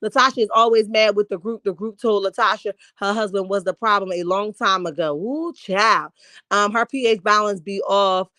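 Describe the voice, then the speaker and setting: Speaking at a normal speed in a medium-pitched, pushed and bright voice with no echo, a woman hosts a relaxed livestream. She reads out viewer comments and responds with sass.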